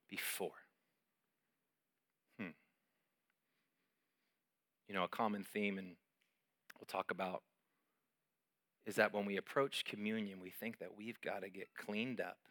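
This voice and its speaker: A middle-aged man preaching a sermon as pastor, emphatic and animated, with sudden loud peaks. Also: on the low side.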